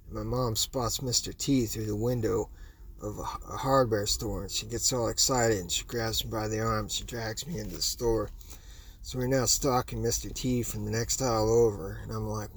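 A man narrating a personal anecdote in a low-key, quiet storytelling voice. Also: steady tone, normal speed, a little hiss or hum.

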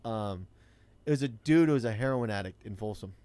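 A man's voice: lowish voice, brisk, warm tone, no room sound. A man, telling a rideshare-driving story in blunt, profane casual chat.

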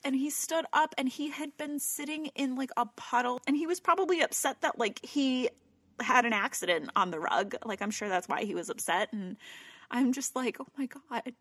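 A woman's voice: high-pitched, normal speed, a bit bright, slightly rough, no echo. A woman in casual conversation, telling a long anecdote in a chatty way with some swearing. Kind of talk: casual chat.

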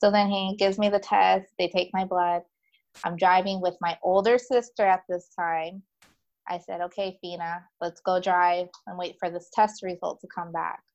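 This guest is a woman with a fairly low pitch, speaking at a moderate pace in casual conversation about something that happened to her. Animated and talkative, she fills her speech with fillers and acts out the other people in the story, and the audio is muffled.

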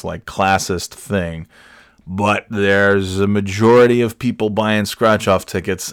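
A man's voice: low voice, clear, resonant tone, dry recording, studio quality. A man in his forties hosting a solo comedy podcast, rambling from one tangent to the next, cursing and restarting his sentences. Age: 40s. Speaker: podcast host.

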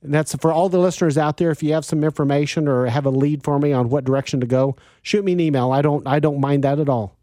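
A man hosting a call-in radio show, chatting in a relaxed, easygoing way and chuckling now and then. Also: a little high, quick pace, hardly any pauses, no room sound, studio quality. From Kansas. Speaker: radio host. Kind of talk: casual radio chat. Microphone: studio mic.

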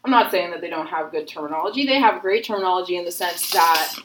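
Low-voiced young woman, rambling casual chat. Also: fast talker, roomy sound, noisy background. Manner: rambling, heavy use of filler "like", frequent swearing.

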